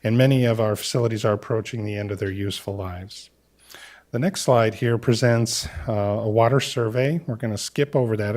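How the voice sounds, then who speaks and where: Low-voiced man presenting to a council. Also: darkish tone. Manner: measured, many "uh" fillers. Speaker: city staff presenter. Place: council chamber.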